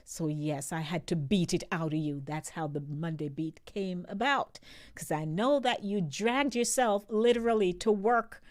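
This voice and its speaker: A woman's voice: lowish voice, a little slow, darkish tone. Chatty woman radio host. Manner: chatty, conversational, direct address to listeners.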